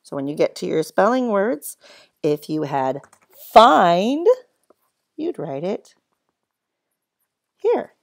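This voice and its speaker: A woman teaches young children phonics, spelling each word slowly letter by letter. Her voice sits a little low and has a gravelly edge, and she takes her time. She keeps an encouraging tone throughout. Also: big pitch swings, darkish tone. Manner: slow, spells words letter by letter.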